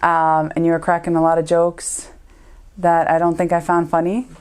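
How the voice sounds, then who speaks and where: A woman's voice: fairly low pitch, monotone, normal speed, darkish tone. A woman in her thirties, a community lawyer, giving an earnest, heartfelt tribute in a recorded interview, with frequent "um" and "uh" fillers.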